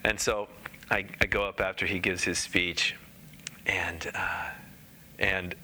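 A man giving a Dharma talk in a halting, conversational way, pausing often and restarting sentences. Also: deep voice, little pitch movement, bright, forceful tone, a little hiss or hum. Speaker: Dharma teacher. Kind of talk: Dharma talk with personal anecdote.

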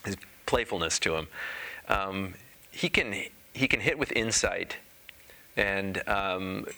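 A man giving a Dharma talk in a halting, conversational way, pausing often and restarting sentences. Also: deep voice, vocal fry, sharp tone. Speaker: Dharma teacher. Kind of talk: Dharma talk with personal anecdote.

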